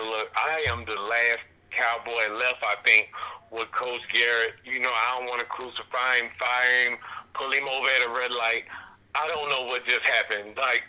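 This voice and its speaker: A man's voice: medium pitch, pushed and bright, poor audio. A man calling in to a sports stream, ranting emphatically and in exasperation and repeating himself. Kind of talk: passionate fan rant.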